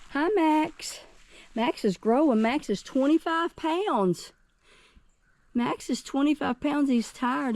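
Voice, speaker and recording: A woman's voice: lowish voice, creaky, mellow. A woman from West Virginia, giving a chatty, cheerful tour of her home garden outdoors and talking straight to her viewers. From West Virginia, USA. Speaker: gardening vlogger. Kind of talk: casual garden tour vlog.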